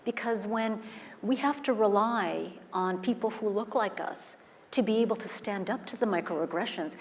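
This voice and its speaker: A woman facilitating a workshop, speaking earnestly and guiding the room with questions. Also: mid-range voice. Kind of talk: live workshop talk. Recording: echoey hall with faint noise.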